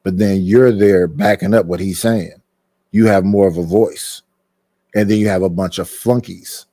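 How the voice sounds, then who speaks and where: Over a streaming mic, a man with a deep, warm voice complains emphatically about people turning against him, repeating his points in heated, casual talk. He sounds aggrieved, speaking at normal speed with fairly even intonation in a recording without echo.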